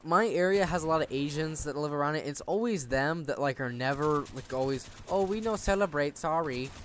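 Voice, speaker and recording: A late-teen gaming channel host tells stories over casual gameplay commentary, rambling, swearing heavily and often restarting sentences. His voice is fairly high and fairly quick, with slight background noise.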